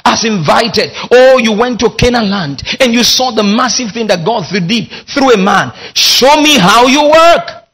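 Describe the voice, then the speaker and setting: A man's voice: high-pitched, lively intonation, normal speed, few pauses, a bit bright, husky. A man preaching a sermon as pastor, leading his congregation in call-and-response with emphatic delivery.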